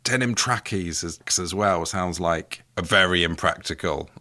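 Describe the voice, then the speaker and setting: A man's voice: low-pitched, a little slow, noisy background. A man with a Northern English accent co-hosting a comedy podcast, joking playfully and laughing often. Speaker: podcast co-host. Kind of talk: comedic casual chat.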